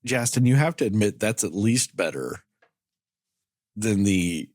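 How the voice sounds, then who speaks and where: Animated, profane podcast co-host man. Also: on the low side, unhurried, no echo, studio quality. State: tired late at night. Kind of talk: casual late-night chat.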